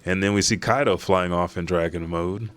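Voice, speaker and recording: A man hosting a casual reaction, reading a chapter aloud. He swears freely and gets excited. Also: low voice, moderate pace. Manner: profane, excitable, reads quoted lines aloud. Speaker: manga reaction host.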